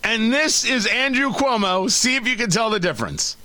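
Animated sarcastic talk radio host man. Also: very high-pitched, normal speed, noisy background. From New Jersey. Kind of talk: opinionated talk radio commentary.

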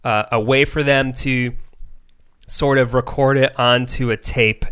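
A man's voice: medium pitch, steady tone, a little slow, a bit bright, smooth. A man in casual podcast chat, explaining music history with fillers and hesitations. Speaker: podcast co-host.

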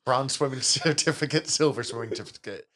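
A man co-hosting a casual podcast, animated and laughing often, with casual swearing. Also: medium pitch, moderate pace. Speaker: podcast co-host.

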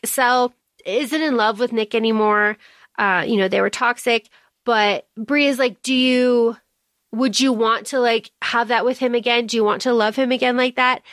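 A woman's voice: fairly high pitch, fairly bright tone, dry recording. Chatty woman podcaster, dry close sound. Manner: chatty, laughs often, acts out quoted lines. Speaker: podcast co-host. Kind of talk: casual book discussion.

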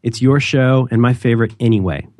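A man's voice: mid-range voice, fairly quick, a little mellow, no echo, studio quality. A man co-hosting a podcast, chatting casually in a rambling, jokey way and often interrupting himself. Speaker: podcast co-host. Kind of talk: casual chat.

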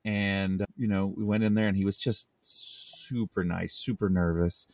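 A man's voice: low voice, steady tone, a little slow, a little mellow, no echo. A man co-hosting a podcast, telling a rambling, self-interrupting story in casual chat. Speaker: podcast co-host.

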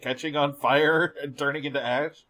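A man's voice: fairly high pitch, fairly even intonation, moderate pace, bright, forceful tone. Chatty man in casual podcast talk. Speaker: podcast co-host. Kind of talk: casual chat recapping a show.

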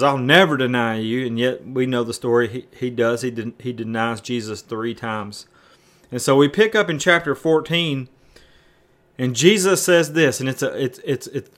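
A man's voice: medium pitch, a bit bright. A man preaching a conversational sermon, often repeating words and restarting as he explains.

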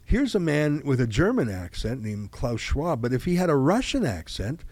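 Measured male commentator, dry sound. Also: medium pitch, sing-song, darkish tone, no echo. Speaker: political commentator. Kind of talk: monologue commentary.

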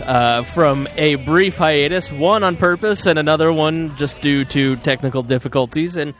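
A man's voice: fairly high pitch, moderate pace, a bit bright, soft background music. A man hosting a casual political podcast, chatting in a joking, self-deprecating way. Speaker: podcast host and producer.

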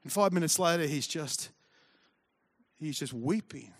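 A man's voice: fairly high pitch, lively intonation, unhurried. A man, preaching a conversational sermon full of storytelling asides and humor. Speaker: pastor.

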